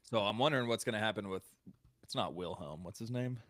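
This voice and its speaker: A young man co-hosting a podcast, chatting casually and breaking into loud mock impressions of characters. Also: fairly low pitch, quick pace, no room sound. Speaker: podcast co-host. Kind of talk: casual chat.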